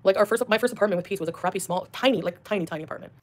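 A woman's voice: mid-range voice, rapid-fire, darkish tone. A woman streamer ranting defensively in clips from her livestream.

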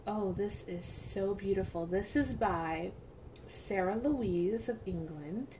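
A woman chatting casually as she unboxes a package, gushing and soft-spoken, at home. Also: fairly low pitch, a little slow. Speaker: doll collector vlogger. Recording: steady background hiss.

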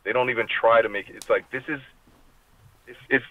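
This middle-aged guest's mid-range voice stays steady and fairly quick, with no room sound. Over a tinny, dry video call from his car, he chats casually in an interview, rambling and profane.

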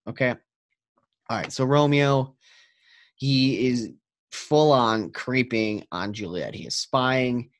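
A man's voice: medium pitch, no echo. Chatty male teacher explaining a play. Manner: casual, chatty, checks in with "okay?". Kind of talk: classroom read-aloud and explanation.

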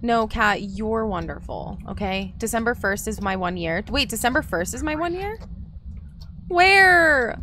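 A woman's voice: medium pitch, lively intonation, moderate pace, hardly any pauses, fairly bright tone, slight background noise. A woman streaming a game, chatting casually and talking to her viewers by name. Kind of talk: casual live-stream chat while gaming.

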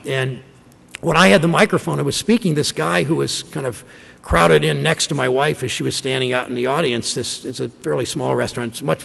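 A man in his fifties from Ohio, a senator giving a speech to a conference audience, telling stories in a folksy way with halting restarts. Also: mid-range voice. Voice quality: gravelly voice. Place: large conference room. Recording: long hall reverb.

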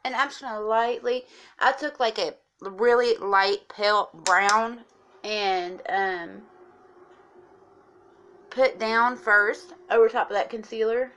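A woman's voice: on the high side, slow, a bit bright, slight background noise. Chatty woman giving a makeup tutorial. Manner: chatty, instructive, addresses viewers as guys. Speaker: makeup vlogger.

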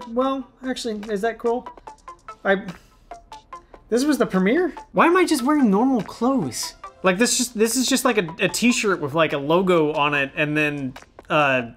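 A man's voice: high-pitched, a bit bright. A man in his thirties, a former child actor, reviewing his old outfits in a playful, self-mocking casual vlog.

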